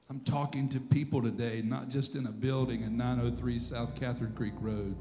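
A man preaching a sermon as pastor, animated, shouting and acting out quotes, now and then laughing at himself. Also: mid-range voice, normal speed, in a large hall, faint music behind. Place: church sanctuary.

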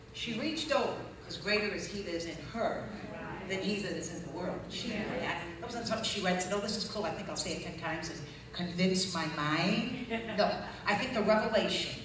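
A woman's voice: mid-range voice, background noise. Woman testifying in an echoey hall. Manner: animated storytelling, rising to loud shouting peaks. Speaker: guest speaker giving testimony. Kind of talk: testimony talk to a church audience. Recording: echoey hall recording from far off, with crowd ambience.

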